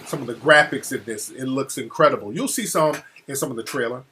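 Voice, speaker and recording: A man talking casually as an interview guest, telling a profane, animated story that gets heated. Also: mid-range voice, a little fast, slight background noise. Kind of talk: casual phone-style conversation. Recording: call audio cutting out.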